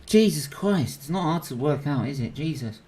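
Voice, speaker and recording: A young man talks through a live football match at home, calling everyone "bruv" and swearing as the action unfolds. His voice sits a touch high and gets excitable on the big moments. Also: normal speed, husky. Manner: excitable, swears freely, says "bruv" a lot. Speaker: host of a live football watchalong. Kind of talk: casual live match reaction chat.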